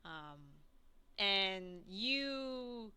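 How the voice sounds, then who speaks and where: A woman's voice: mid-range voice, lively intonation, drawn-out words, sharp tone, smooth. A woman narrating a tabletop game as game master, describing scenes in a rambling way, with many restarts.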